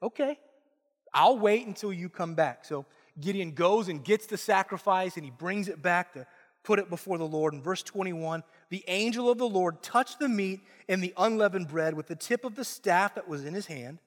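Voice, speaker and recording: Brief: male pastor, high voice, earnest emphatic sermon delivery, long hall reverb. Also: normal speed.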